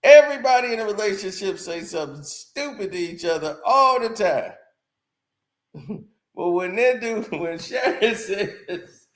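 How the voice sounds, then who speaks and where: A man's voice: sits high, expressive, unhurried, fairly bright tone, reverberant. A man streaming casual reaction commentary on news, laughing often and joking as he talks.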